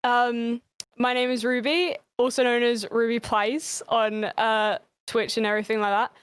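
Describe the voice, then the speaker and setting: A young English woman chats as a podcast guest, her fairly high voice rambling along with easy laughs. She sounds close and dry, with no room around her. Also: level tone, a little slow, clear, resonant tone, no room sound. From England. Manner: chatty, laughing, loose and rambling. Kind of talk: casual chat.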